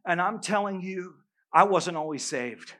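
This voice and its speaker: A middle-aged male pastor preaching a sermon, telling a story with humor and animated bursts. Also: sits high, a little slow.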